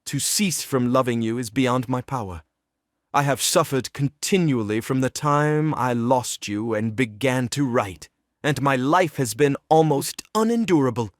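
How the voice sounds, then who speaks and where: A man's voice: mid-range voice, expressive, measured pace, dry recording, clean studio sound, lightly acted. A man reading the role of a despairing, lovesick young writer in a play reading, earnest and pleading.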